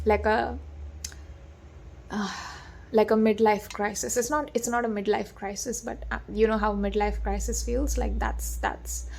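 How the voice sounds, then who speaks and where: A woman giving a gentle, reassuring tarot reading, talking with many fillers and restarts. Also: medium pitch, gravelly. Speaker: tarot reader. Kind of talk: soft-spoken tarot reading.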